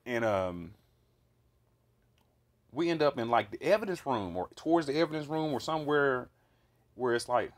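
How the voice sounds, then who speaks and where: A man with a medium-pitched voice recounts a vivid dream in a casual monologue. He talks at a moderate pace and pauses often, profane and animated, rambling with fillers and restarts.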